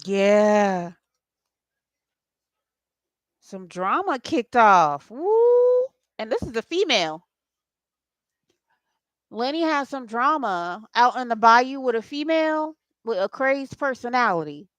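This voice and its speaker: Chatty psychic lady doing a reading, slow easy talk, kinda high voice, dry close sound. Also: sing-song, fairly bright tone, no room sound. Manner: chatty, laughing, talks to viewers and spirits. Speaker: psychic reader. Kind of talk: casual spirit channeling livestream.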